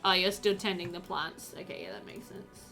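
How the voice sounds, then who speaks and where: A woman's voice: on the low side, sing-song, fairly quick, gravelly, sharp tone, faint music behind. A woman chatting casually with her live-stream viewers while playing, full of ums and likes. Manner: chatty, filler-heavy, answers chat while playing. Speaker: game streamer.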